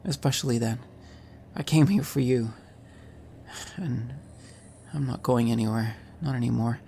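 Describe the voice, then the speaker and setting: A man playing a tabletop game in character, speaking in a reassuring, steady way. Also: medium pitch, unhurried, gravelly, slight background noise. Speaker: player.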